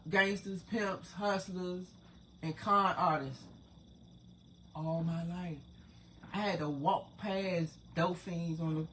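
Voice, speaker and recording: A streetwise host in their forties, talking straight to viewers. The monologue rambles and swears freely. Loud, emphatic stretches give way to quiet asides. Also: medium pitch, a little hiss or hum. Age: 40s. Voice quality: profane, rambling, streetwise talk. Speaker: spiritual channel host. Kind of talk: casual spiritual monologue to viewers.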